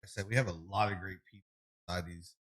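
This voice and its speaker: Bright-voiced man telling rambling stories. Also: deep voice, fast. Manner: rambling, animated storytelling with many fillers. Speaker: podcast guest, streamer. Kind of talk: casual interview chat.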